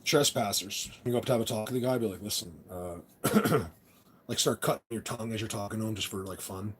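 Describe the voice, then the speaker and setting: A man's voice: fairly low pitch, fast, husky. A man hosting a casual live stream on his phone, rambling and joking about talking tough. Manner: rambling, talks tough in jest.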